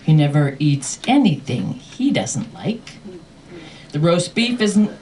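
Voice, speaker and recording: Woman telling a story live, slow. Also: sits low. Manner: expressive, laughing storyteller. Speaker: storyteller and host. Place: cafe performance space. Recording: distant mic with faint room noise.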